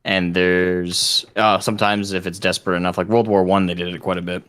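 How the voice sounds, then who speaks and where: Smooth low-voiced man explaining casually. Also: level tone, fairly quick, fairly bright tone. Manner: explains plainly with filler words. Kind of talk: casual group discussion.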